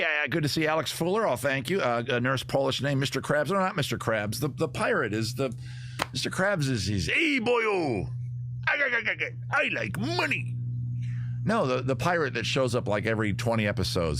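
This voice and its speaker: A man's voice: medium pitch, brisk. A man hosting a casual livestream from outdoors by a fire, joking and rambling as he goes. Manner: rambling, jokey, animated. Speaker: livestream host.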